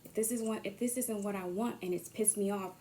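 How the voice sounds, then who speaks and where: A woman giving a casual motivational monologue, swearing freely and swinging from hushed whispers to loud bursts. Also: medium pitch, steady tone, a little fast, a little hiss or hum. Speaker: motivational vlogger.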